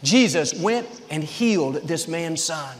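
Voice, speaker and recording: A high-pitched male pastor delivers a sermon in short, repeated phrases that build toward each point. His voice rings out with a long reverb, as if filling a large hall. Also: expressive, takes it slowly.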